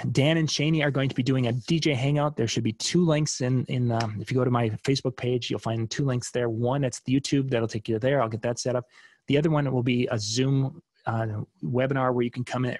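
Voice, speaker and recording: A man's voice: mid-range voice, a little mellow, dry recording. A middle-aged man hosting a live streaming seminar from a home desk, chatty and rambling with many restarts as he answers viewer questions.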